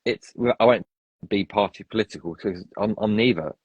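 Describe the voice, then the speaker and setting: A man's voice: fairly low pitch, moderate pace, a little mellow, husky, no echo, lo-fi sound. A man chatting as a podcast guest, opinionated and rambling with frequent restarts. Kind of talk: casual chat.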